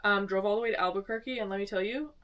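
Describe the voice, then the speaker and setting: A woman's voice: mid-range voice, very fast, recorded from a distance. A young woman from Arizona, co-hosting a podcast, telling stories in casual chat and acting out the quotes. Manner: storytelling, acting out quotes in lively voices. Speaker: podcast co-host. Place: small home studio.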